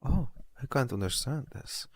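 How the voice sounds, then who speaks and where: A man's voice: mid-range voice, animated, normal speed, husky, dry recording. A young man streaming, chatting casually and with disbelief while reading posts aloud, laughing often.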